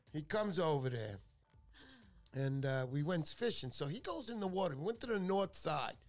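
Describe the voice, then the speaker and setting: A man hosting a talk show, telling stories in a chatty, joking way that drifts off topic. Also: on the high side. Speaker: radio show host. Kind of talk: casual talk-show storytelling.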